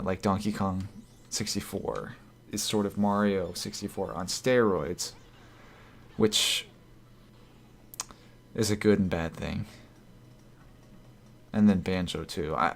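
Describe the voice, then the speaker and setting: A man's voice: deep voice, unhurried, vocal fry, pauses often. A man streaming live, chatting casually and reading out viewer comments, rambling and correcting himself. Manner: rambling, self-correcting, chuckles often.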